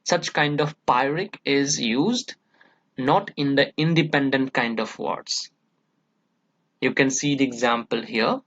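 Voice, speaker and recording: A male college English lecturer with an Indian English accent, giving a slow, deliberate classroom lecture full of "uh" and "okay" and repeating example words for stress. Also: mid-range voice, fairly bright tone. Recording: dull lo-fi recording.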